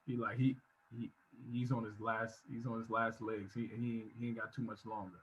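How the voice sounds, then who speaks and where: A man giving a motivational talk over a video call from his home office, speaking in an emphatic, preacherly style that swells into shouts. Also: medium pitch, moderate pace, husky, lo-fi sound. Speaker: guest speaker.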